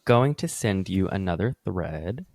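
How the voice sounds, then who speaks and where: Lively wry man, dry close sound. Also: low-pitched, unhurried, creaky, dry recording. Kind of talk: casual discussion podcast.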